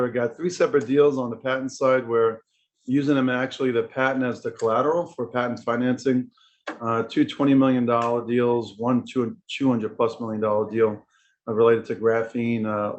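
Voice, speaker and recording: A man speaking to an event audience in a measured, matter-of-fact way. His voice stays at a middle pitch and barely rises or falls. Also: little pitch movement, muffled recording. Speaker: law firm partner speaking at an event. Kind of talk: remarks to an audience.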